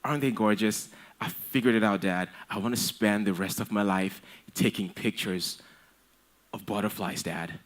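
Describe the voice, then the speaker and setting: A man's voice: on the low side, moderate pace, lightly acted. Man doing an eager gushing son. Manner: gushing, breathless enthusiasm. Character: eager young son gushing about his dream.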